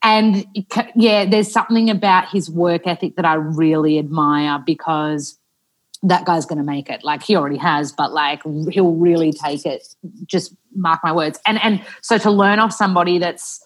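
An Australian woman in her thirties, talking as a podcast guest. Her voice sits a little low, and she chats loosely, acting out other people's lines and dropping plenty of "like" fillers. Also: moderate pace. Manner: chatty storyteller, acts out quotes, many "like" fillers. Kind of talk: casual podcast chat.

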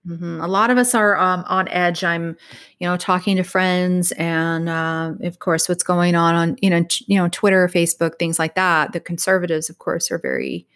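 Woman podcast host, kinda low voice, hesitant casual chat. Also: steady tone, normal speed, a bit bright. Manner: hesitant, with many fillers.

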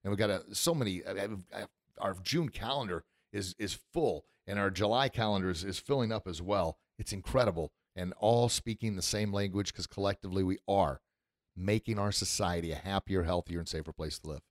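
A man hosting a podcast, effusive and deeply thankful, choked up with emotion. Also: brisk, no echo, clean studio sound. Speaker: podcast host. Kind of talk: casual podcast chat.

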